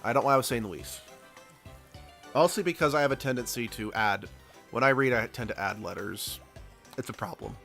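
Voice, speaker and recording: A man's voice: mid-range voice, brisk, vocal fry, pauses often, bright, forceful tone, soft background music. A man streaming a game in casual chat, sick with a cold, rambling and joking at himself. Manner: rambling, joking, self-deprecating.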